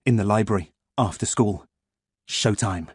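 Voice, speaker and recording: A man reading an audiobook as first-person scripted narration, in a lively, expressive way. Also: mid-range voice, normal speed, breathy edge, no room sound, studio quality.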